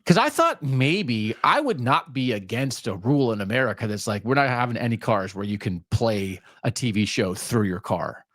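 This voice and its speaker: A man co-hosting a sports talk podcast, chatting casually and telling rambling, animated stories. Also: medium pitch, normal speed, hardly any pauses, no echo, clean studio sound. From US Mid-Atlantic region. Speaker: podcast co-host. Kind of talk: casual chat.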